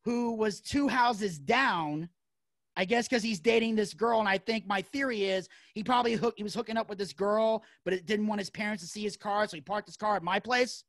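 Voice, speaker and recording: A man spins a story at a quick clip, swearing freely and raising his voice for the angry parts. The sound is dry and close, with no room around it. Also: high-pitched, a bit bright, no echo. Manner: fast, profane storytelling with heated acted-out quotes. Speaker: podcast guest. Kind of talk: casual storytelling.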